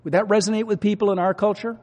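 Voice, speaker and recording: A man's voice: high voice, steady tone, racing. Preaching man in a reverberant hall. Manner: preaching with swings from loud urging to quiet. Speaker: pastor. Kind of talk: sermon.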